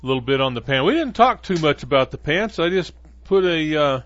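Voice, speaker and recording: A male podcast host rambles through a casual monologue, full of fillers and restarts. His voice runs on the high side, a bit bright, animated and fairly quick. The sound is dull, lo-fi and dry.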